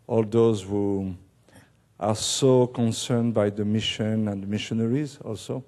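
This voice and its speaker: Male missionary pastor, slow delivery, mellow tone, halting sermon with gentle humor. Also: lowish voice, steady tone. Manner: halting, with many restarts and fillers. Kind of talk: sermon with light joking. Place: church service.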